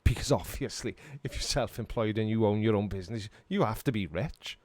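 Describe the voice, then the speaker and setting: Dry, sarcastic man, low voice. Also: brisk, hardly any pauses, darkish tone, dry recording. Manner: dry, sarcastic, self-mocking. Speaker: live stream host. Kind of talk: casual live Q&A chat.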